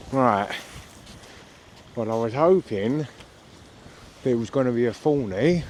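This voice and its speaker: A man's voice: mid-range voice, animated, slow pace, pauses often, darkish tone. A man chatting casually to viewers as he talks them through his fishing, outdoors on an open beach at night. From United Kingdom. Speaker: angler vlogger. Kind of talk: casual chat to camera. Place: open beach at night in strong cold wind. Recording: heavy wind noise on the mic.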